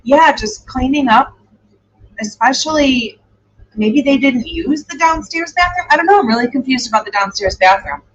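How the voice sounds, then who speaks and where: Her voice sits high and is expressive, at a moderate pace. She's a true crime livestream host reacting and thinking aloud, trailing off as she muses hesitantly and cooing softly to her dog. The stream sound is dull and lo-fi.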